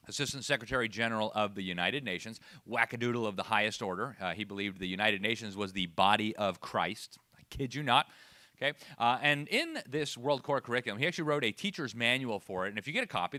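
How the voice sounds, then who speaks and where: A man giving a lively, sarcastic lecture to a live audience. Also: mid-range voice, dry recording. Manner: sarcastic, animated, laughs at own asides. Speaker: speaker at education event.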